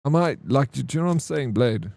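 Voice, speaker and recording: A man's voice: mid-range voice, animated, fast, creaky, darkish tone, no room sound. A young man, chatting casually with his stream while playing a game, slangy and laid-back. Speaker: gaming streamer.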